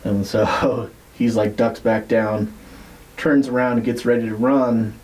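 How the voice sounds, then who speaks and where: Mellow-voiced man spinning a casual yarn. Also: mid-range voice, steady tone, unhurried, rough recording. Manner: loose, rambling retelling with frequent "like" and swearing. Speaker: podcast host. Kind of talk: casual storytelling.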